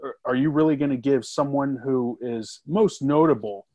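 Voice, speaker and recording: A man's voice: medium pitch, moderate pace, dark tone. A man, a film critic guest, talking emphatically in a casual review chat. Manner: emphatic, with filler-heavy restarts.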